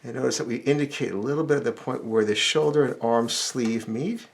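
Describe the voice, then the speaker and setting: A middle-aged man teaching drawing step by step, talking in a relaxed, explanatory way as he sketches. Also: mid-range voice, a little fast. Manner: relaxed explanatory, thinking aloud while sketching. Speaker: drawing instructor.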